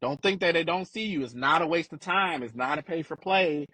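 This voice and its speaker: A middle-aged Chicago man, a guest in a casual interview, tells stories animatedly and acts out quotes with big pitch jumps. His husky voice is pushed and bright, a little fast, with no room sound.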